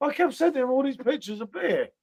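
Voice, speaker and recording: A middle-aged man hosting a casual live chat over beers, loud and sweary in his banter, talking over a video call. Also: very high-pitched, big pitch swings, fast talker, creaky, husky. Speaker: host.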